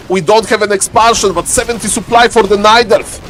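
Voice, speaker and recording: A man streaming live commentary on a strategy game, lively and playful, teasing his chat. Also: brisk, few pauses, soft background music. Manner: lively, playful, keeps saying "ladies and gentlemen"; shifts into a deeper joking voice for a subscriber.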